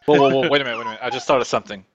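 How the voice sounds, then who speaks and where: Man, player, lively pitch, fairly high, noisy mic. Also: very fast, highs cut off. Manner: animated, eager pleading. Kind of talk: tabletop game chat.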